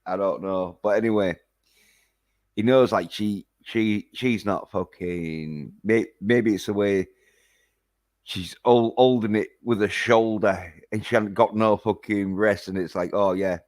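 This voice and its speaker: A man's voice: lowish voice, measured pace, darkish tone. A man recapping a film in a casual, rambling way, full of hesitations and swearing. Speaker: film reviewer.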